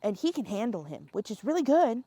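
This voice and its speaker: A young woman telling a story in casual podcast chat, animated and laughing often, swearing freely and acting out the scenes. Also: on the high side, brisk, slight background noise.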